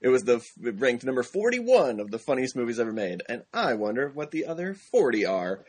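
A man hosting a casual film podcast with a husky, slightly rough voice. He sounds upbeat and playful, teasing his co-host and running through plugs at a brisk clip. His pitch sits in an ordinary middle range. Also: big pitch swings. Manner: upbeat and jokey, rattling off plugs.

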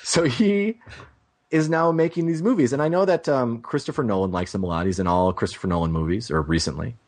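A man co-hosting a casual movie review podcast, talking in an animated, rambling way and breaking off his own sentences. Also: medium pitch, brisk. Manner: animated, rambling, self-interrupting. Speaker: podcast co-host.

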